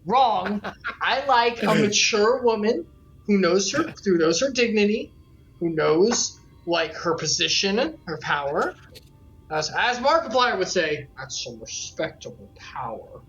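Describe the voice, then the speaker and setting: A woman hosting a game playthrough in casual, excitable, jokey chat. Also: mid-range voice, slow pace, muffled recording, soft background music. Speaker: let's play host.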